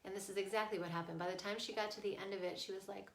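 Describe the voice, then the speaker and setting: A woman's voice: mid-range voice, steady tone, racing, vocal fry, slight background noise. A woman parenting coach explaining, earnestly and casually, how to stay with a child through a tantrum. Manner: earnest, explaining, checks in with "right?". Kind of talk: casual teaching talk. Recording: echoey room.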